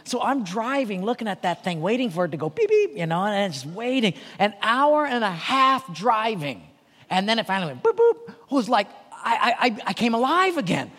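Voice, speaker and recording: A man with a notably high voice tells a story to a conference crowd, drifting between hushed asides and bright laughing bursts. His voice carries a long hall reverb around it. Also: sing-song, brisk. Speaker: pastor. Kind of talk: conference talk to leaders.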